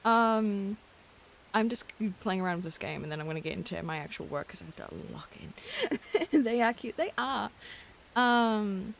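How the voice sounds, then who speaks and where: A woman streaming a game late at night, chatting casually in a hushed voice, giggling and gushing over cute things. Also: medium pitch, vocal fry, slight background noise. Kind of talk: casual live-stream chat while gaming.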